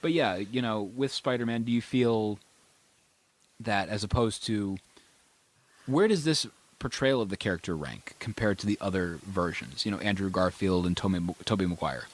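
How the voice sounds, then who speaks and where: Male podcast host, lower voice, eager and opinionated in casual film chat. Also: moderate pace. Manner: enthusiastic, opinionated. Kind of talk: casual movie discussion.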